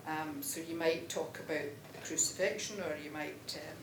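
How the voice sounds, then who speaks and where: A Scottish woman, a teacher, reading and discussing poems in a lively, chatty way. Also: sits low, moderate pace. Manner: lively, chatty, laughs often. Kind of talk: poetry reading and teaching talk. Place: conference hall. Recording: roomy hall with background noise.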